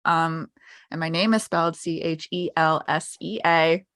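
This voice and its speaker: A woman's voice: deep voice, steady tone, a little slow, a bit bright, no echo, clean studio sound. A woman co-hosting a podcast in casual chat, upbeat and chatty with frequent ums. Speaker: podcast co-host.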